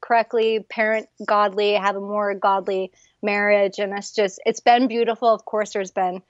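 A woman in her thirties or forties, a guest sharing her faith testimony in an animated, earnest chat. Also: medium pitch, moderate pace, dry recording, muffled recording.

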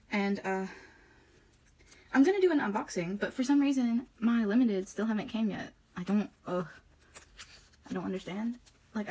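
A woman's voice: medium pitch, a little mellow, slight background noise. A young woman, chatting in a casual, rambling way as she organizes her photocards. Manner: rambling, emotional, giggly. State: tearing up. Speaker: vlogger.

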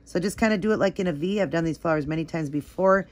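A woman's voice: lowish voice, fast. A woman giving a casual, rambling tutorial on nail art at home, with lots of fillers as she works. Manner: chatty, rambling, many "like" and "um" fillers.

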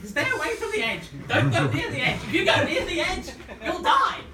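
This is a fretful, overprotective mother, put on by a man telling a story. The voice jumps very high and comes out anxious and nagging. It rings through a reverberant hall, picked up from a distance. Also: wildly swooping pitch, normal speed, over a noisy crowd, heavily acted. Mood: alarmed warning. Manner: shrill, frantic warnings. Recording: roomy hall, mic far off.

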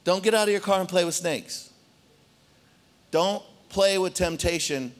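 Male pastor, sermon delivery, raised pitch, lively storytelling to a church crowd. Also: a little slow. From Arizona, United States. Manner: animated storytelling, addressing the congregation directly. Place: church hall.

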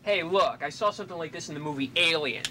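A woman playing a gentle store clerk who earnestly argues for trapping an animal instead of killing it. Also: low voice, quick pace, background noise, lightly acted.

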